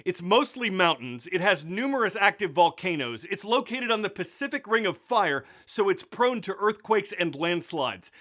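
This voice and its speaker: A man hosting a news show, reading scripted narration in a crisp, measured delivery. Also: high-pitched, sing-song, pushed and bright.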